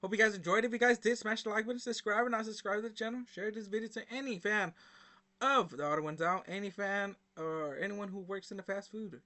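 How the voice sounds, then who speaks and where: High, bright-voiced young man rambling casually. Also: fairly quick. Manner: rambling, chatty, many fillers and slang. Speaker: reaction video host. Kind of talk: casual storytelling to camera.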